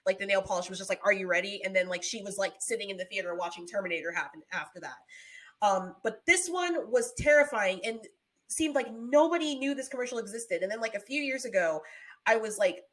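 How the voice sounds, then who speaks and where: A woman's voice: medium pitch, fairly quick. A young adult woman co-hosting a podcast, telling stories in casual chat with lots of laughter and acted-out screams. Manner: animated storytelling, laughs often, acts out screams. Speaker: podcast co-host.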